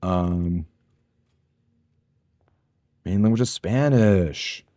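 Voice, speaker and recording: Rambling, chatty low-voiced man. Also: drawn-out words, dark tone, dry recording, studio quality. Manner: rambling, chatty, talks to viewers by name; self-deprecating, laughs often. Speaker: streamer. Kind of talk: casual live-stream chat while gaming.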